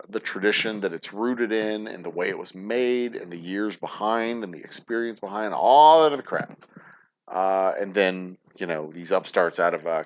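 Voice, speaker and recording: A man with a lowish voice hosts a casual livestream chat. He rambles, swears often and downplays his own opinions. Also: fairly bright tone, lo-fi sound, a little hiss or hum. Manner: rambling, profane, self-deprecating. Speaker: distillery show host.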